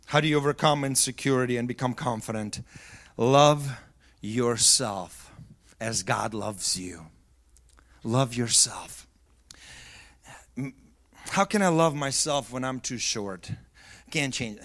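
A middle-aged pastor preaching a sermon, moving between quiet, low talk and loud yelled peaks. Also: male voice. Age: middle-aged or older. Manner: swings from soft and low to yelling at high pitch.

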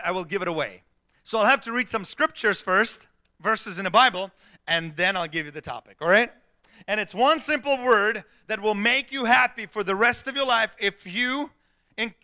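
A man's voice: high-pitched, pushed and bright, smooth. A man preaching a sermon in a church, opening with a joke and then speaking earnestly. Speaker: pastor.

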